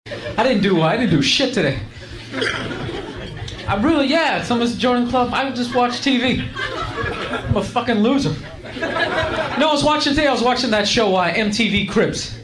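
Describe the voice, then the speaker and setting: A man in his thirties does stand-up in a high, strained register, self-mocking and exasperated. The sound is roomy and echoing, with a crowd laughing and a steady hiss of noise underneath. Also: moderate pace, long pauses. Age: 30s. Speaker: stand-up comedian. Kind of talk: stand-up comedy.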